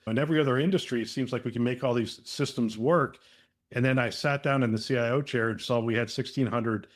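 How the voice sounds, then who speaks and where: A male podcast host chatting casually with his guests, thinking aloud as he goes. His voice sits at a middle pitch, relaxed and conversational, with plenty of small asides. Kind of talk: casual interview chat.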